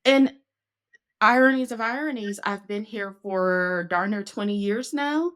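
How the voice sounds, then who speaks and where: A woman's voice: mid-range voice, unhurried, fairly bright tone, smooth. A woman hosting a casual conversation, telling her story in an earnest, reflective way. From Northeast Ohio, USA. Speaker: podcast host.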